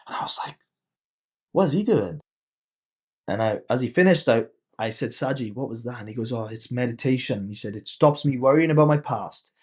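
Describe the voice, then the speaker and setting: A man's voice: mid-range voice, darkish tone. A man in his thirties, a podcast guest and coach, casually telling a personal story and acting out the quoted dialogue.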